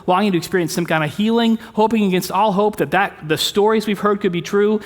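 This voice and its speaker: Pastor, male, fairly high voice, easy conversational preaching, long sanctuary reverb. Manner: conversational preaching with rhetorical questions. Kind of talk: sermon. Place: church sanctuary.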